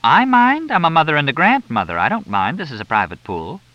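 A man voicing a blunt, bossy older wealthy woman who is a mother and grandmother, talking in a brisk, matter-of-fact way. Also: a little high, very animated, no room sound, pitched above the performer's own voice. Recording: dull lo-fi dry recording.

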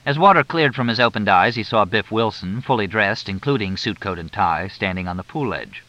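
A man narrating an audiobook in a lively, expressive reading. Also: on the low side, brisk, no room sound. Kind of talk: scripted narration. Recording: dull lo-fi dry recording.

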